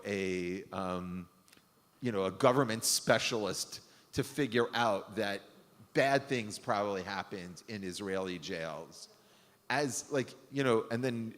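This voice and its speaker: A man, a rabbi, tells stories in a casual, rambling way, full of fillers and restarts. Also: fairly low pitch. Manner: rambling, many fillers and self-corrections. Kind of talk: casual storytelling talk. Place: synagogue hall. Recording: long hall reverb.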